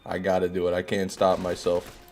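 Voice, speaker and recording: A man's voice: deep voice, completely flat delivery, fairly quick, darkish tone, soft background music. A man with a groggy morning voice hosting a live gaming stream. He chats casually, reads out viewer messages and swears when things go wrong.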